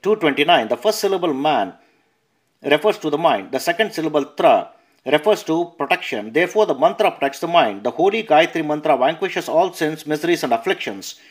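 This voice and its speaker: A man reading a scripture translation aloud at a measured pace, announcing verse numbers and notes and sometimes correcting himself. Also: a little high, expressive. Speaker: narrator.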